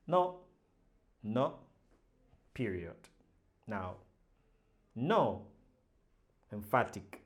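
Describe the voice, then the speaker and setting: Slow, patient male teacher. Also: mid-range voice, animated, a little mellow. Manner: patient, repeats example sentences, modeling question intonation. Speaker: Spanish teacher. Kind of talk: slow explanatory language lesson.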